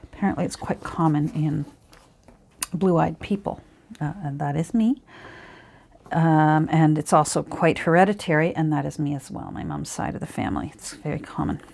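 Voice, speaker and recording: A woman's voice: deep voice, moderate pace, vocal fry, a little mellow. A middle-aged woman with a Canadian accent, chattering casually while she crafts, rambling and chiding herself with many ums and sighs. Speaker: crafting vlogger.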